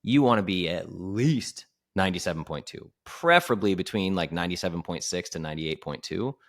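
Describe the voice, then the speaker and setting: A man talking as a health coach guest in a casual podcast conversation, animated and full of "like", acting out quoted voices. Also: deep voice, fairly quick.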